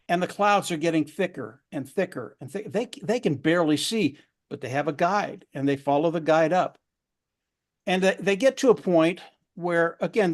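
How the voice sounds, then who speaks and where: A man with a voice a touch higher than most men's tells a motivational story at a round table. He is earnest and often doubles words for emphasis.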